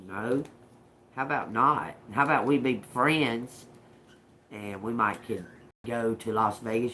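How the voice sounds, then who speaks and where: A woman's voice: a bass voice, unhurried, a bit bright, a little hiss or hum. A woman doing a live-streamed tarot reading, talking bluntly and profanely with folksy slang and frequent laughter. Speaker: tarot reader.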